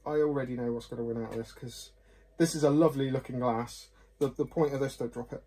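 A man's voice: mid-range voice, steady tone, quick pace, warm tone, husky. A man reviewing whisky glasses in a chatty, rambling, self-deprecating way, often apologising. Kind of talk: casual chat to camera.

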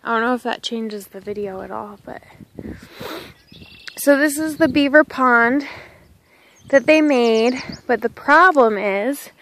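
A woman's voice: a little high, measured pace, pauses often, fairly bright tone, slight background noise, poor audio. A woman, chatting casually on a walk outdoors and filming on a handheld phone. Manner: chatty and rambling, talks to her dog. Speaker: vlogger. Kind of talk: casual walking vlog. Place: outdoors on a country path. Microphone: handheld phone camera.

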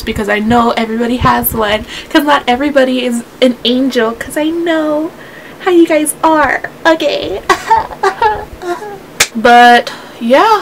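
Sassy young woman ranting, slightly high. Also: a little hiss or hum, rough recording. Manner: sassy, rambling, quick to get worked up. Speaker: vlogger. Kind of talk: casual rant to camera.

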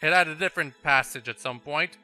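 A man's voice: on the high side, a little fast, bright, forceful tone, faint music behind. A man with a French accent hosting a game video, chatting and laughing through casual let's-play commentary aimed at the level maker. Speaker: gaming channel host.

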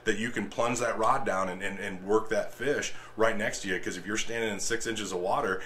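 Bright-voiced man telling fishing stories. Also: on the low side, brisk, a little hiss or hum. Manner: animated storyteller, acts out shouted quotes. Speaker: fly fishing guest. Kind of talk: casual fishing talk.

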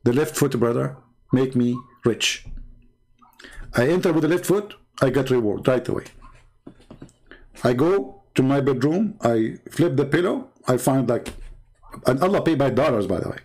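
A man's voice: medium pitch, lively intonation, normal speed, long pauses, a little mellow. A man hosting a live stream, talking in scornful, sarcastic rhetorical questions with broken, non-standard English grammar. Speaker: livestream host. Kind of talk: mocking live-stream commentary.

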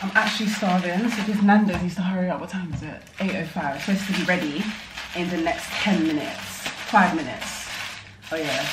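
A young woman, vlogging in casual chat straight to camera, animated and talkative. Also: on the low side, a little fast, background noise. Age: young adult.

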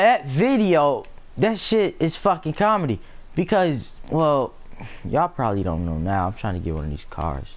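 A young man chatting casually and profanely while playing a video game, rambling between stories and asides. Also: a little high. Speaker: gameplay vlogger. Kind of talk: casual gaming commentary.

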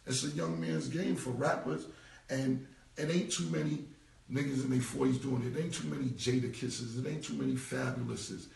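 Gravelly New man, forty, blunt. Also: mid-range voice, steady tone, normal speed, a little mellow. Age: 40s. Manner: blunt, repetitive, slangy. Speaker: interview guest. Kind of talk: casual interview talk. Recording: roomy, distant from the mic.

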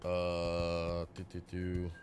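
A man streaming a video game live, excitable and apologetic as he chats with his viewers. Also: sits low, very slow. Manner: excitable, yelps and laughs during play. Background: game music.

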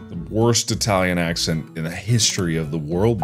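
A man in his thirties hosting a casual gameplay video, joking around and yelling at setbacks. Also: low-pitched, moderate pace, few pauses, soft background music. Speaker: gaming video host. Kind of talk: casual let's-play commentary.

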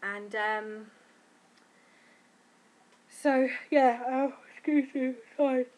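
A woman's voice: high voice, extremely slow, darkish tone. A tired woman, frankly and chattily telling her birth story in a casual vlog. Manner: chatty, frank and giggly, acting out quotes. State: tired from lack of sleep.

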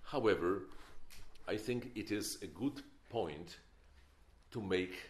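A man's voice: fairly low pitch, animated, takes it slowly, slight background noise. An older man giving a film masterclass, opinionated and emphatic, with wry stories. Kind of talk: masterclass lecture. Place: lecture hall. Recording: echoey lecture hall.

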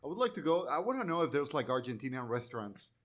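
A man co-hosting a casual podcast chat, laughing often and making quick joking asides. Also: medium pitch, big pitch swings. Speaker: podcast co-host.

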